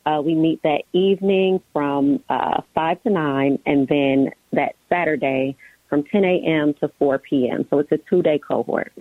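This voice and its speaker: Woman guest, very low voice, friendly, um-filled, tinny phone line. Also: a little slow, no echo. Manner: friendly, with frequent ums. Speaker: guest, swim program founder. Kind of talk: radio interview.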